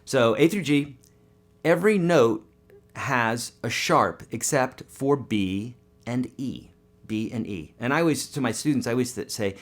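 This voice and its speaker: A man teaching guitar on a live webcast, upbeat and quick, singing note names now and then, with his morning voice. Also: medium pitch.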